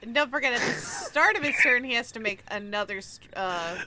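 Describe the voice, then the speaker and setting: A woman's voice: fairly high pitch, sing-song, fairly quick, a loud crowd, poor audio. A woman playing a tabletop game, careful and focused on the rules. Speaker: player.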